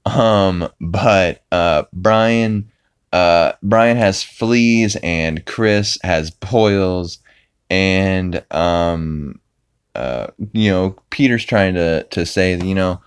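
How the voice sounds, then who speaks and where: A man's voice: low voice, very slow, clean tone, no echo. A man hosting a podcast, recapping an episode in a casual, rambling way with many fillers and restarts. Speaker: podcast host.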